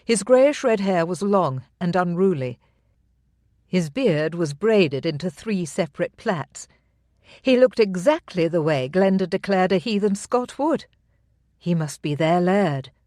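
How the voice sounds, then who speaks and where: Steady audiobook narrator, dry sound. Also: medium pitch, no echo.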